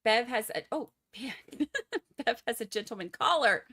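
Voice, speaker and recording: A woman's voice: on the high side, animated, fairly quick, sharp tone, husky. A woman with a Texas accent giving casual, joking live-stream commentary on a trial and talking to her viewers. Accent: Texan. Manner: chatty, joking asides to viewers.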